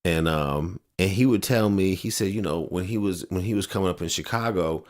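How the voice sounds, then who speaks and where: Low-voiced male podcast co-host, relaxed and slangy storyteller. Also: fairly quick. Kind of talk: casual chat.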